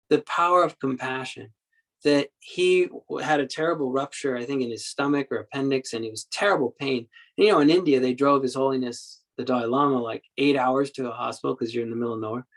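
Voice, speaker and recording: Halting, storytelling male meditation teacher. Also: medium pitch, rough recording. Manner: storytelling, halting with repeated words; acts out quoted speech in the story. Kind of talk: Buddhist dharma talk.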